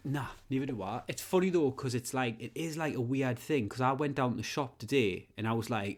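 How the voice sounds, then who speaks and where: A man's voice: medium pitch, brisk, few pauses, slight background noise. A man with a Geordie accent and a son, co-hosting a podcast in casual chat, rambling through stories with swearing and laughs. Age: adult with a son. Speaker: podcast co-host.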